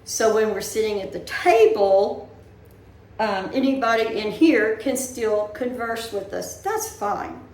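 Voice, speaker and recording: A woman's voice: on the high side, lively intonation, slow pace, darkish tone. An older woman chatting casually to her viewers from her living room, rambling as she talks her worries through, in a roomy recording with a little background noise. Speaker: vlogger. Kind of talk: casual chat.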